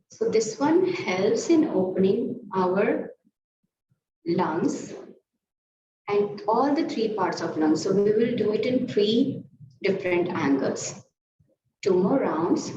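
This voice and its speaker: A woman yoga instructor calmly guiding a class through breathing exercises and stretches. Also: medium pitch, over music. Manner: slow, calm cueing of breath and movement. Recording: roomy, distant, muffled, noisy room sound.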